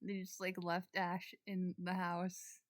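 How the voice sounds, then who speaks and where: A young woman doing let's play commentary, giggly and excitable, voicing the dialogue with a sore throat. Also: fairly low pitch, slow, low-quality recording. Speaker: game streamer.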